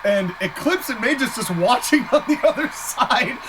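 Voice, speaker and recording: A man calling a match play-by-play in casual style, excitable, laughing easily and exclaiming at big moves. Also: very high voice, normal speed, over a noisy crowd, poor audio. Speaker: play-by-play commentator.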